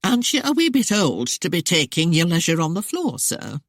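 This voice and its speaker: A woman voicing a mischievous older maidservant who coaxes and teases a gentleman. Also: lowish voice, very animated, moderate pace, dry recording, clean studio sound. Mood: coaxing. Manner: coaxing and sly. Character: mischievous older female servant.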